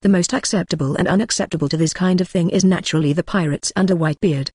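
A text-to-speech audiobook narrator reading a translated novel, reading punctuation marks aloud in a flat, level delivery. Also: medium pitch, quick pace, hardly any pauses, dry recording, studio quality. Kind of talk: machine-read novel narration.

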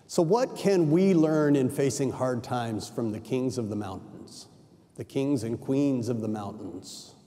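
A man's voice: mid-range voice, a little slow, mellow. An older male pastor preaching a sermon in a conversational storytelling style, with chatty self-correcting asides. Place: large church sanctuary. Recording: reverberant church sanctuary.

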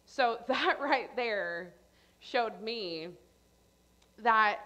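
A young adult woman giving a sermon at church, telling a personal story in an animated way and acting out her own panicked lines. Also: on the high side, drawn-out words, pauses often. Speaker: church speaker.

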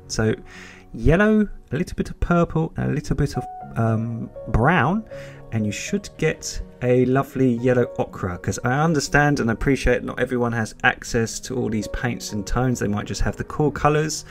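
A British man giving a step-by-step painting tutorial, chatty and encouraging, with reassurances he repeats often. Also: mid-range voice.

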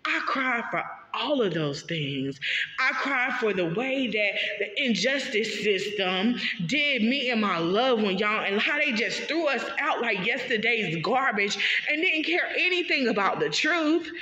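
A woman's voice: fairly high pitch, lively intonation, a little slow, pushed and bright, slight background noise. Emphatic woman in an echoey room. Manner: emphatic and repetitive, talks straight to listeners. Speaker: vlogger sharing her story. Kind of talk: heartfelt personal monologue. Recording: echoey room, dull lo-fi sound.

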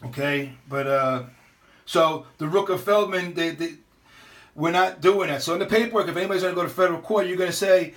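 A man's voice: high voice, brisk, fairly bright tone. A middle-aged man, talking in a casual, ranting monologue. He is blunt and profane and keeps restarting his sentences. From New York. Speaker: vlogger.

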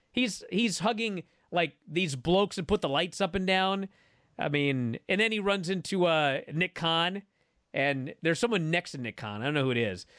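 A man with a fairly high voice recaps a wrestling event for his podcast, acting out the quotes as he goes. The sound is close and dry, with no room around him. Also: clear, resonant tone, no echo. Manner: animated storytelling, acting out quotes. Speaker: podcast co-host. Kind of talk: casual wrestling recap chat.

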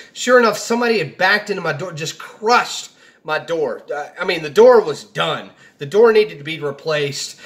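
A man's voice: high voice, a bit bright. A young man casually telling a personal story, rambling and quoting people as he goes. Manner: rambling, restarts, quotes people in his own voice.

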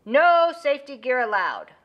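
A woman's voice: high-pitched, sing-song, normal speed, muffled recording. A woman voicing a boastful, reckless bear cub gang leader who sneers and swaggers as he talks.

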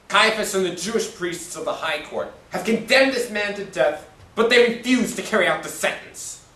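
A man's voice: high voice, a bit bright, recorded from a distance, exaggerated voice. A man playing a defensive Roman governor. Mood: puzzled. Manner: agitated, rhetorical questioning. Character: troubled male Roman governor, defensive and self-justifying. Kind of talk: stage play monologue. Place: school hall. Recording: echoey hall from afar.

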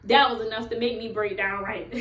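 Woman, 30s, earnest and heartfelt vlog talk, fairly high voice, echoey home room. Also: steady tone, moderate pace, fairly bright tone, slight background noise. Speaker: vlogger. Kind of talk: casual personal vlog. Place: her apartment at home.

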